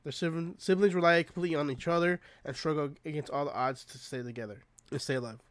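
A man's voice: a little high, fairly even intonation, fast talker, no room sound. A man co-hosting a casual podcast chat, bluntly giving provocative opinions with plenty of swearing. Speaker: podcast co-host.

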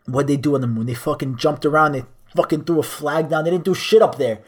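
A young man with a slightly high voice rants through his solo podcast, crude and profane as he rambles from one jab to the next. He talks into a cheap microphone. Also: quick pace. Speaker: podcast host.

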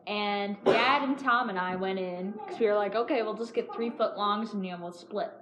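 A woman's voice: medium pitch, normal speed, background noise. A young woman from New York co-hosting a vlog, telling stories in a casual, bubbly, giggly way. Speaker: vlog co-host. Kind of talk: casual chat. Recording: echoey room with crowd chatter.

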